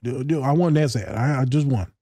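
A man talks candidly in a casual podcast chat, swearing freely and laughing. His voice is mellow and warm at a middle pitch. The sound is dry and close. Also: a little fast, no echo. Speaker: co-host, therapist.

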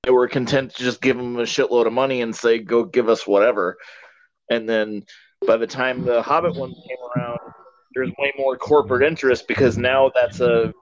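A man of middle pitch hosting a laid-back podcast. He keeps the talk moving and swears offhandedly. The sound is a bit dull and lo-fi. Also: little pitch movement, fairly quick, no room sound. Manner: steers the talk, swears casually. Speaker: podcast host. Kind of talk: casual chat.

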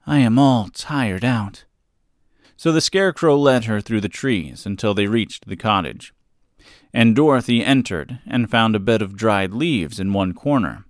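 A man narrating a children's storybook aloud as a podcast host, in a slow, expressive storytelling manner. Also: lowish voice, no echo, clean studio sound.

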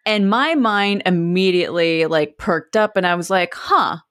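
A woman's voice: lowish voice, moderate pace, clear, resonant tone, dry recording, clean studio sound. A woman co-hosting a casual chat, telling a story animatedly and asking the others what they think. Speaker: podcast co-host.

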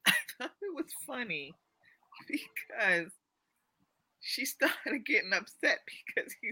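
This is a woman with a high, bright voice co-hosting a casual reality-show recap. Her pitch moves a lot as she talks. She rambles and keeps dissolving into giggles. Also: sing-song, takes it slowly, pauses often, slightly rough, low-quality recording. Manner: giggly, rambling, breaks into laughter. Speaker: podcast co-host.

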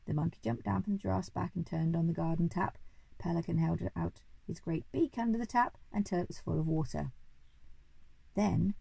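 A woman's voice: fairly low pitch, gravelly, mellow, husky, no room sound, low-quality recording. A woman reading a children's story aloud expressively, now and then correcting small slips.

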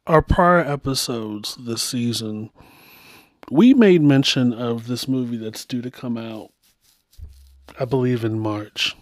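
A man's voice: mid-range voice, darkish tone, no room sound, clean studio sound. Chatty man hosting a podcast. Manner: chatty and rambling, full of asides. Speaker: podcast host. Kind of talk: casual commentary.

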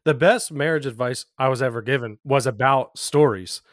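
Male podcast host, calm and reflective, middle pitch, dry recording. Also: moderate pace, no room sound. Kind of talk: casual interview chat.

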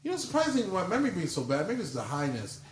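A man telling rambling stories in a relaxed casual chat, laughing often. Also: high voice, fast, reverberant, over a noisy crowd. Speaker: podcast guest telling stories.

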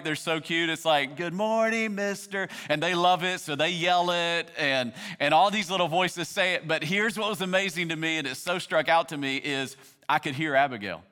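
A pastor in his thirties preaches with a clear, smooth voice that sits a bit high for a man. He moves between easy, chatty storytelling and stretches of fervent emphasis. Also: bright, forceful tone. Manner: conversational, builds to passionate emphasis. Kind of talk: sermon.

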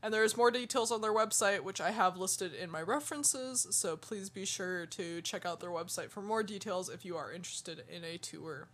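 A woman's voice: mid-range voice, normal speed, few pauses, fairly bright tone, a little hiss or hum. Female podcast co-host, casual and giggly, reading her research. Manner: laughs often, reads details aloud.

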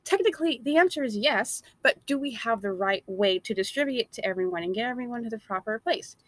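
A woman's voice: fairly high pitch, animated, quick pace, fairly bright tone, no echo. A woman delivering a blunt, emphatic opinion monologue.

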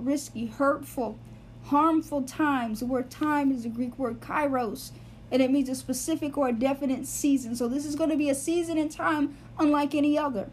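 High-voiced woman teaching scripture. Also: darkish tone, slight background noise. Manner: earnest, explains Greek word meanings step by step; repeats phrases for emphasis. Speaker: Bible teacher. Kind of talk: Bible teaching episode.

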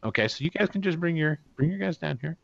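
A man with a fairly high, gravelly voice talks quickly while running a tabletop game as game master, narrating casually and acting out orc guards. He's animated and swears freely. The recording has no echo, but the highs are cut off.

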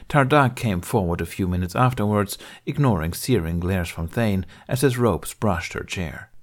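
A man narrating a fan fiction audiobook in a steady, even way. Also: deep voice. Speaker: audiobook reader.

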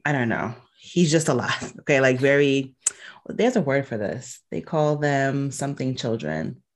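A woman's voice: low-pitched, darkish tone. A woman in her thirties, a podcast guest, speaking in an earnest, reflective way with frequent restarts. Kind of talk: casual conversation.

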